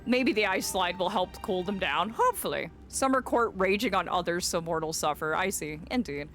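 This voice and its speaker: Lively woman streamer over faint music. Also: fairly low pitch, moderate pace. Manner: animated, rambling, playful. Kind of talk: casual gameplay commentary.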